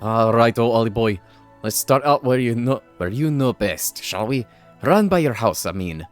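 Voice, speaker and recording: Male gamer voicing a cheeky fairy sidekick, put-on accent, slangy and pushy, high register. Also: lively intonation, normal speed, faint music behind, close to an everyday voice. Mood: excited. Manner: chirpy, bossy, full of slang.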